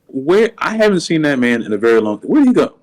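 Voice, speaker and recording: Brief: excitable male podcast co-host, slight lisp, lively swooping delivery, somewhat high voice. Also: fast talker, poor audio. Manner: excitable, rambling, repeats words when worked up. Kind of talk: casual wrestling chat.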